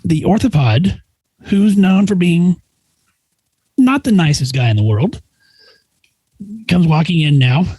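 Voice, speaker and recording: A man's voice: fairly high pitch, takes it slowly, pauses often, slightly rough, no room sound, poor audio. A man guesting on a podcast as a nurse practitioner, telling a story casually and acting out the voices of the people in it. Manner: animated, acts out quoted voices.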